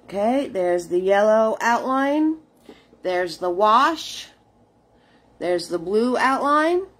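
A woman's voice: mid-range voice, expressive, slow pace, a bit bright. A woman leading a live painting tutorial, chatting with her viewers as she works. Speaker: painting instructor.

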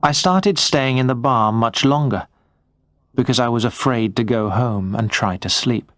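A man narrating a first-person story for English learners in a slow, clear, measured reading. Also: mid-range voice, fairly bright tone, dry recording, clean studio sound.

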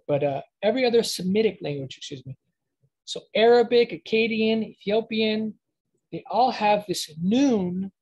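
A woman teaches an informal language lesson in an unhurried, deliberate way. She repeats each example word several times so the listener can hear the sounds, and stops to correct herself. Her voice is husky and mid-pitched. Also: darkish tone. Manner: explains slowly, repeats words to model pronunciation, self-corrects.

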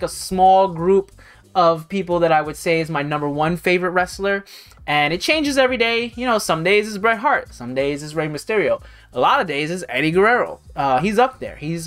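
A woman's voice: fairly low pitch, fairly bright tone. A woman hosting a hobby channel, talking through an unboxing in a casual, rambling way with lots of fillers. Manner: rambling, chatty, many fillers.

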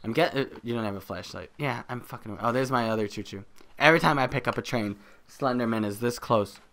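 Man, gaming commentary, bright tense voice, jokey, shouts then mutters. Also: fairly quick. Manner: loud, joking, swings between shouting and muttering; reads in-game notes aloud in a low flat voice. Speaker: gaming video creator. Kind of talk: let's play commentary.

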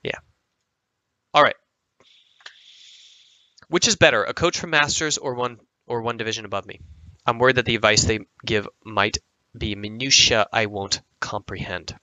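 Bright-voiced man coaching with emphatic repetition. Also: medium pitch, normal speed, pauses often, dry recording, poor audio. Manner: emphatic, repeats lines, lots of fillers. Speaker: sport psychology coach and show host. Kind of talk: answering viewer questions, casual monologue.

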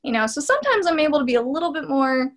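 An earnest woman in her thirties recounts her path as an interview guest, her voice sitting a little higher than most. She talks in a candid, animated flow, full of "like" and "you know". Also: very fast. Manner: earnest and animated, many fillers. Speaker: interview guest, PhD student and therapist.

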